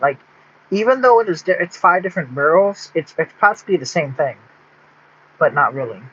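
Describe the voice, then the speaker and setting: A man's voice: on the high side, expressive, moderate pace, bright, forceful tone, a little hiss or hum. A man from Texas rambling in a casual vlog monologue, full of restarts and fillers. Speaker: vlogger. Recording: dull lo-fi sound.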